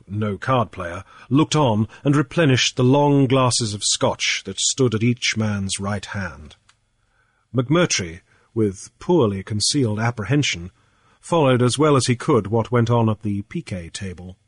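A man reading a novel aloud as an audiobook narrator, in a steady, even way. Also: mid-range voice, slightly rough, no echo, clean studio sound. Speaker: audiobook reader.

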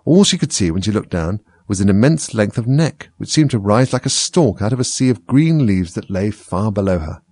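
A man reading a storybook aloud in a measured, expressive way. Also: fairly low pitch, no room sound. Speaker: reader.

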